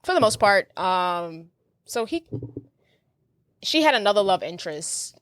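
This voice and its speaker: A woman co-hosting a podcast in casual chat, easygoing and quick to laugh, telling stories in loose run-on sentences. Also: mid-range voice, sing-song, dry recording. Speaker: podcast co-host.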